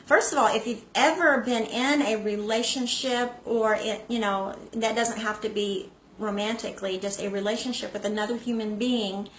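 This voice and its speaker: A woman's voice: fairly high pitch, steady tone, moderate pace, a bit bright, a little hiss or hum. A woman hosting a live stream, chatting casually to viewers and greeting them by name. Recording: echoey room.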